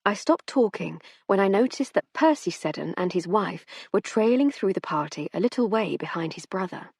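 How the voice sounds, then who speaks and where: A woman narrating a first-person audiobook in a lively, expressive way. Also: medium pitch, moderate pace, gravelly, breathy edge, no room sound, studio quality.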